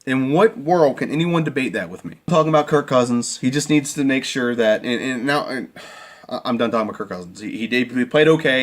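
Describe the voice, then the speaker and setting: A man delivering a heated fan rant about a football game. His voice sits at an ordinary middle pitch. He sounds worked up and exasperated, and he keeps looping back over the same points. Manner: emotional, exasperated, repeats himself. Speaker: sports fan commentator. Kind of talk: ranting game review.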